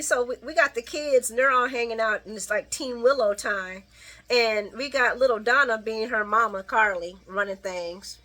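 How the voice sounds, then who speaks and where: A woman casually recapping a soap opera episode, laughing often and acting out the characters' lines in quick little voices. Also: fairly high pitch. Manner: animated and giggly, acts out characters' lines. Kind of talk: casual chat.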